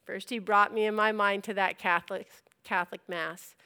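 A young woman telling a personal story in an animated way, acting out her own reactions and laughing as she goes. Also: mid-range voice, moderate pace, smooth.

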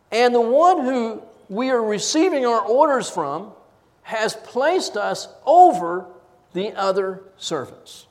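A man preaching an expository sermon, emphatic and shifting between loud stresses and low asides. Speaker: pastor. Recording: reverberant hall.

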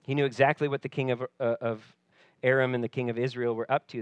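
Dry-sounding expressive male preacher. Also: mid-range voice, a little fast, clear, resonant tone, dry recording. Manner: expressive, drops to soft voice for quoted lines. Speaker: pastor. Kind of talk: sermon.

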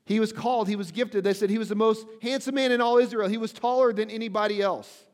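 High-voiced male pastor in a reverberant hall. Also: steady tone, fast. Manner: conversational, often checks in with "right?"; reads scripture aloud with wry asides. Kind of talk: sermon.

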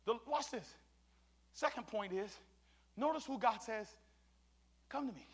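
A man preaching a sermon as pastor, swinging from shouted exhortation to hushed asides, with colloquial church call-and-response. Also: very high-pitched, lively intonation, a little slow, husky.

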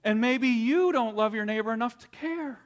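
A man's voice: extremely high pitch, moderate pace. A man preaching a sermon in an earnest way, often repeating words as he builds to a point. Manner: tells a story with quoted voices. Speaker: pastor.

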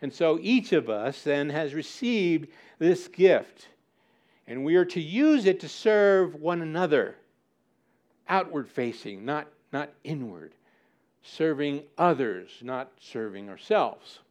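A man's voice: a little high, animated, takes it slowly, a little mellow. A man preaching a sermon as pastor, acting out listeners' objections with mock indignation and repeating key words to drive his points home.

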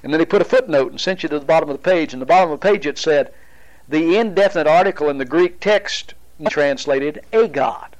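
Man, Bible study teacher, fairly high voice, deliberate lecture with pauses. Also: a little mellow, rough recording. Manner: explanatory, deliberate with pauses and restarts.

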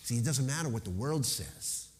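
A man preaching a sermon as pastor, emphatic, slowing to stress key phrases and dropping into rhetorical questions. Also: medium pitch, lively intonation, in a large hall.

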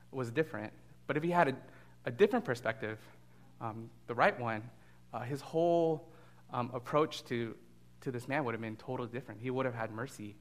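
Chatty preacher man with many fillers. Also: mid-range voice. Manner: casual and animated, with frequent fillers and restarts. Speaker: guest pastor. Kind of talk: sermon.

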